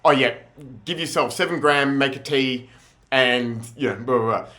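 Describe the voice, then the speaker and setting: An easygoing Mother Earth spirit, casually nudging and offhand, as a man puts her on in his own voice. The voice is bright and light. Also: mid-range voice, moderate pace, close to an everyday voice. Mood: coaxing.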